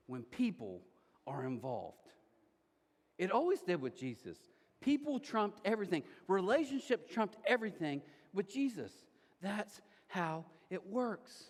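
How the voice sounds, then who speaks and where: A male pastor preaching a sermon in an animated, joking way, acting scenes out with a volunteer in a church auditorium. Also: high voice. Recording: long reverb of a large church hall.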